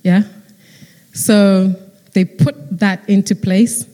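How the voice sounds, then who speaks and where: A woman preaching a sermon, retelling a story in lively fashion and acting out the characters. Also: medium pitch, extremely slow. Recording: long hall reverb.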